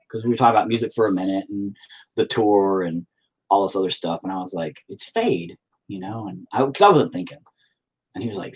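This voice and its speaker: A middle-aged painter and musician streams himself painting, telling rambling, profane stories in a laid-back way. His voice is on the low side, fast and breathy.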